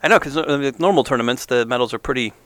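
A man's voice: medium pitch, very fast, crowd noise. An easygoing man with a mid-range voice interviews two young athletes on a podcast. He keeps it casual and chatty, tossing out questions and agreeing readily.

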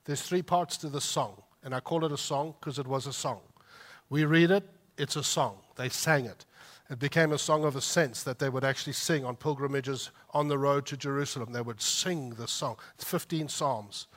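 A man preaching a heartfelt sermon, swinging between loud emphatic peaks and soft, quiet asides in a conversational way. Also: medium pitch, moderate pace. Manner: conversational asides with light laughs. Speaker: pastor.

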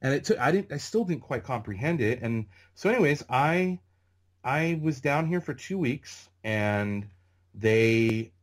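A middle-aged man from Northern California, a podcast guest telling animated stories and saying "like" constantly. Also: mid-range voice, a little slow. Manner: animated anecdotes, heavy use of "like". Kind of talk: casual storytelling interview.

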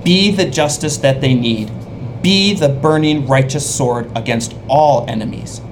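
A man's voice: medium pitch, a little slow, background noise, close to an everyday voice. A whispering tender mother, as a man puts her on. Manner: soft, whispered. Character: tender mother, a gentle woman whispering farewell.

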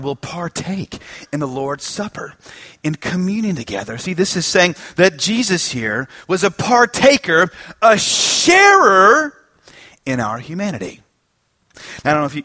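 A man preaching a sermon, telling stories that swing from hushed lows to loud emphatic highs. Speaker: pastor.

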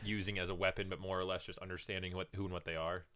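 A man co-hosting a podcast in casual chat, agreeable and quick with short replies. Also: deep voice, flat delivery, pushed and bright. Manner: agreeable, lots of short backchannels. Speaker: podcast co-host.

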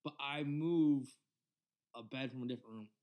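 A man's voice: mid-range voice, normal speed, mellow. A young man in his twenties co-hosting a casual podcast and telling a story in loose, swear-filled speech full of "like" and "you know.". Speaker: podcast co-host.

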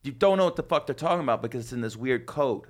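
A man hosting a casual podcast, joking loudly and swearing, his voice swinging from high excited bursts to low asides. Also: racing. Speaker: podcast host.

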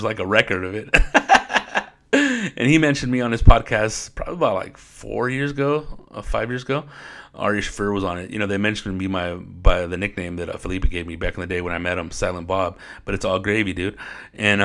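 Casually storytelling on his podcast, this Riverside, California man has a lowish voice with a fairly bright tone. "Dude" comes up constantly, and so does swearing, in the relaxed conversation.

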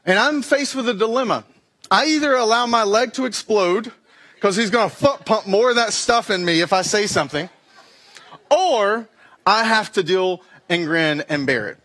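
A man's voice: high-pitched, fairly bright tone. A young man telling a comic personal story in a talk, acting out the dialogue and making sound effects. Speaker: speaker giving a weekly message.

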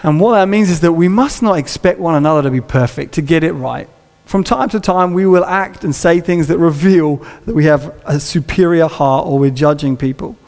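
A pastor preaches a sermon in a church auditorium, conversational and humorous, acting out little scenes. His fairly high voice is a little mellow at a moderate pace, and the recording has the long reverb of a large hall.

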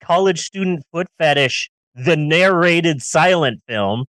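A man's voice: on the high side, lively intonation, slow, a bit bright, no echo. A man co-hosting a casual movie-review podcast, ranting sarcastically and riffing with jokes. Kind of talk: casual comedic film review chat.

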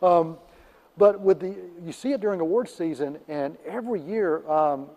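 A man's voice: a little high, moderate pace, dark tone, big-room sound, low-quality recording. A man co-hosting a casual radio show about films as the critic, rambling with many fillers and restarts. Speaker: film critic co-host.

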